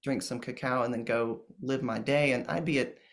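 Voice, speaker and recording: A man speaking as a guest in a casual interview about ceremonies, gentle and earnest, with many pauses and restarts. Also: medium pitch, steady tone. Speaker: plant medicine ceremonialist guest.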